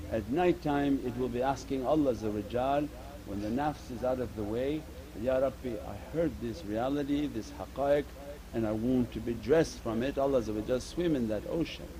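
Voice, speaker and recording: A man's voice: medium pitch, poor audio. A man giving an earnest Sufi sermon, repeating his points and mixing Arabic religious terms into English. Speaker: Sufi teacher.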